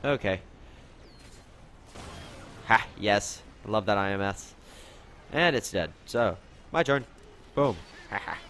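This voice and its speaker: A young man commentating on his own gameplay, excitable, yelping and complaining at the game as he plays. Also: fairly low pitch, takes it slowly, pauses often, slight background noise. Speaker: gaming commentator.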